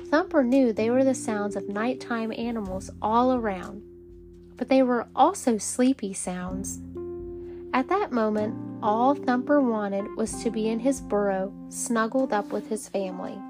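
A woman reading a bedtime story aloud to children, gentle and calm. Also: a little high, unhurried, music in the background. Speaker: storybook reader.

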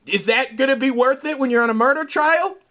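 A man hosting a solo podcast, telling a profane, rambling story that climbs into loud outbursts. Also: extremely high pitch, a little fast. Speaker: podcast host.

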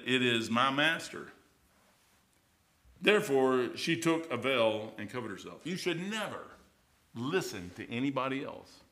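A man preaching an informal sermon, folksy and conversational, rising loud and then dropping quiet. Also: medium pitch.

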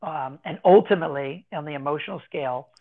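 A man talking casually as an interview guest, explaining in an animated way and acting out children's voices as he goes. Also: fairly high pitch, fast talker. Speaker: guest, anti-bullying educator. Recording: tinny phone-like line.

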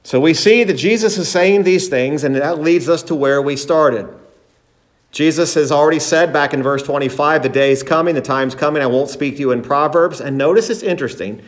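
Man, pastor, emphatic sermon delivery, slightly high voice, voices quotes louder. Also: a little fast. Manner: emphatic preaching, acts out quoted disciples in a raised voice.

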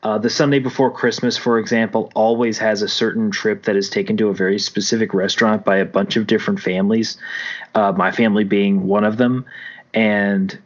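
Fairly quick and flat in delivery, this lowish-voiced man co-hosts a casual podcast. He rambles through long stories, self-correcting along the way, in dull lo-fi sound.

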